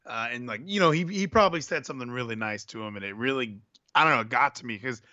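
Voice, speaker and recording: A man's voice: medium pitch, fast talker, pushed and bright, no echo, lo-fi sound. A man in a casual chat, candid and sentimental, rambling with many restarts. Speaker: podcast co-host.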